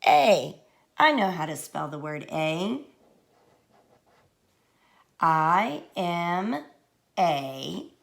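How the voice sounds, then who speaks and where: A woman teaching a writing lesson to young children, talking slowly and patiently, with clear words. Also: medium pitch.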